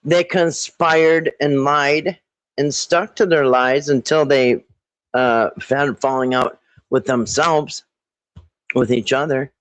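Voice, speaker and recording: A man hosting a casual live stream, rambling with halting restarts and frequent throat clearing. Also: mid-range voice, fairly even intonation, no room sound, rough recording. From Minnesota.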